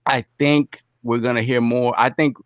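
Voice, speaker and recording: A man's voice: mid-range voice, steady tone, normal speed, dry recording. Laid-back man on a dry mic. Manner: laid-back, lots of fillers and laughs. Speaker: co-host. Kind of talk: casual livestream chat.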